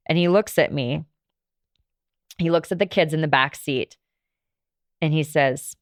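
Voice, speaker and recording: Low, smooth-voiced woman telling her story. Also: a little slow, long pauses, no echo, studio quality. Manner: candid, conversational, frequent fillers. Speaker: podcast host. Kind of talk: personal storytelling monologue.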